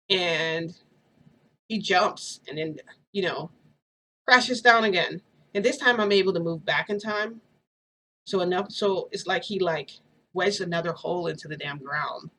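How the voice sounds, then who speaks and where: A woman talks straight to her audience in a chatty, excitable way. She retells events in a relaxed, casual storytelling style. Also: lowish voice, unhurried. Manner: excitable, chatty retelling full of "I'm like" and "freaking". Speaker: vlogger.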